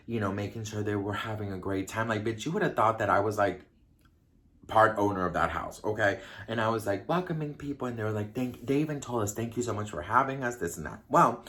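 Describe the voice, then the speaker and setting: A man tells a story to his camera in a loose, chatty way. He jumps into little voices for the people he quotes. His voice sits a bit low. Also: a bit bright. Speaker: vlogger telling a story. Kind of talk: casual storytime chat.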